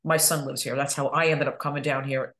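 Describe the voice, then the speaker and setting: Speaking fairly quickly in a rumbling low voice with a fairly bright tone, this woman delivers her words flatly. She's a middle-aged real estate agent from New York who, as a podcast guest, chats casually, laughs a lot, and tells animated stories.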